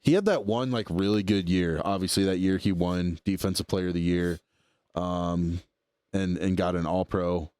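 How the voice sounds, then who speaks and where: A young man co-hosting a podcast, chatting casually about sports in a relaxed, rambling way with lots of fillers. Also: low-pitched, normal speed, smooth, no echo. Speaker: podcast co-host.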